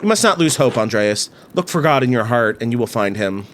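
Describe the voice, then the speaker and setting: A man reading a pious priest who hears confessions, speaking gravely and admonishing the penitent. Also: medium pitch, animated, brisk, slight background noise, close to an everyday voice. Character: stern, pious male priest hearing confession. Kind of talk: reading game dialogue aloud.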